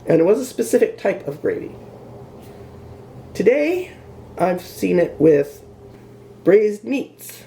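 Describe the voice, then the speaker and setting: A woman with a gravelly, mellow voice talks through a recipe in her home kitchen. Her pitch moves around a lot as she chats, and she is quick to poke fun at herself. Faint room sound stays behind her. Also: a little hiss or hum. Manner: chatty and self-deprecating, talks while cooking. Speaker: cooking show host. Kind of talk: casual cooking demonstration.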